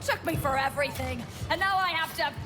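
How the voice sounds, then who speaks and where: A woman's voice: high-pitched, fairly quick, lightly acted. An actress playing a brash, mocking female soldier with a cheeky, sneering delivery. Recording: game clip, roomy reverb, loud music.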